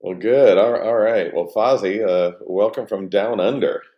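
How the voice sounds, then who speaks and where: Low gravelly man chatting on stream. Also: roomy sound, muffled recording. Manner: rambling, halting, greets chat viewers by name. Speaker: livestream host. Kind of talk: casual livestream chat.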